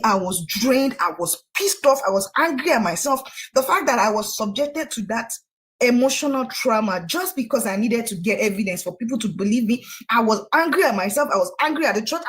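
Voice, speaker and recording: A young woman with a Nigerian accent, a guest recounting a personal story in an interview in an animated, emphatic way. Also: on the high side. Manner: animated, emphatic, with frequent restarts.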